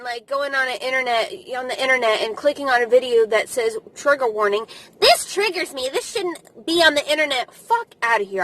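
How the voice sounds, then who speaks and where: A woman's voice: a little high, a little hiss or hum, low-quality recording. A woman in her thirties giving casual advice to camera in a vlog, blunt, emphatic and freely swearing. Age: 30s. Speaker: vlogger.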